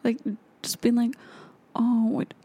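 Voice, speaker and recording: A woman's voice: a little high, monotone, takes it slowly, warm tone, husky. A woman in casual chat among friends, giggly and blunt, swearing as she jokes.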